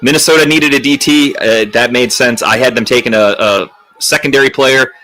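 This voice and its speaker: A man co-hosting a casual sports podcast, talking football picks in an animated, joking way and swearing freely. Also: medium pitch, brisk. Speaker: podcast co-host.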